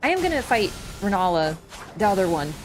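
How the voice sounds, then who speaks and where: A woman's voice: mid-range voice, sing-song, a little fast, over music. A young woman streaming a video game, chatty and casual, swearing and laughing as she talks. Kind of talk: gaming stream commentary.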